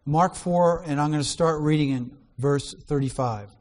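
A man's voice: fairly high pitch, normal speed. A man preaching a sermon, reading scripture aloud and explaining it, his voice rising on quoted lines. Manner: animated reader, rising loud on quoted lines.

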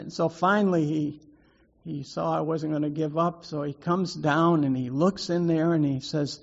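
A man telling a personal story to draw out a lesson, in a halting way with many repeated words and restarts. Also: on the high side, steady tone, creaky. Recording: dull lo-fi recording.

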